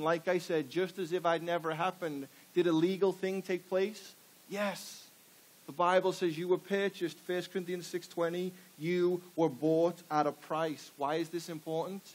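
A man's voice: sits high, poor audio. A man preaching a sermon to a congregation, firing rhetorical questions and pushing for call-and-response answers. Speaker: pastor. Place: church before a live congregation.

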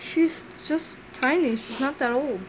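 High-voiced woman in a pet store, fake teeth mess up her speech a bit, noisy. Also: measured pace. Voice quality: slightly distorted by fake vampire teeth. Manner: playful, jokes about the animals. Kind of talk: casual vlog chat. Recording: loud store background noise.

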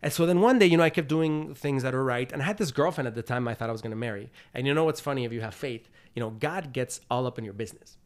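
A man of middle pitch talks in a relaxed, candid interview. He rambles a little, stacking "like" and "you know" as he tells a personal story, and slips into short quoted lines from his own head. His delivery sounds unscripted and conversational. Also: quick pace, few pauses. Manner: chatty, loose storytelling full of "like" and "you know"; acts out his own past thoughts in quotes. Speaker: interview guest, TV host and producer.

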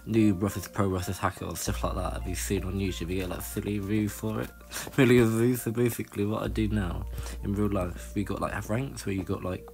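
A young man giving rambling, excitable commentary while playing a video game. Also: fairly quick, gravelly, few pauses, soft background music. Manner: excitable, rambling, jumps to high squeals. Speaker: gaming channel host. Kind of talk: casual let's-play commentary.

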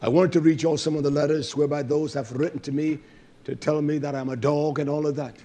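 High-pitched guy preaching hard, scolds the crowd, goes loud then drops real low. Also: steady tone, fast. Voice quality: swings between loud bursts and low murmurs. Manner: fervent, scolding, calls out hallelujah. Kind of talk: sermon.

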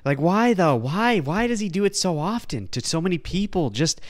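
A man's voice: sits high, animated, normal speed, no room sound, studio quality. A man hosting a solo podcast, talking casually over clips, sarcastic and rambling, with playful mock-earnest asides. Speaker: podcast host.

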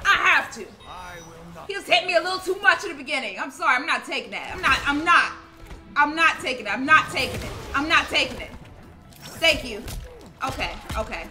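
A woman narrates her video game match in excitable, casual commentary, trash-talking her opponent and repeating herself. Her voice is high and very bright, and it swings widely in pitch. Faint game music plays under her. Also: brisk. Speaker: gaming streamer.

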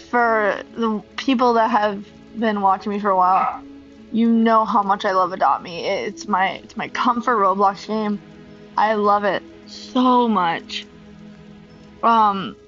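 A woman hosting a gaming channel, telling a casual story in a rambling, animated way with lots of ums. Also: mid-range voice, muffled recording. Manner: rambling, animated retelling with many fillers.

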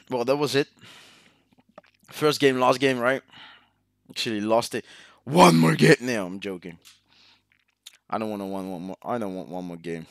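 A man commentating his own ranked match over a headset, teasing and mock-insulting his teammates, with sudden loud outbursts. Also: on the low side, fairly even intonation, moderate pace, long pauses, dry recording, clean studio sound. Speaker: gaming video host. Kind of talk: live gameplay commentary over voice chat.

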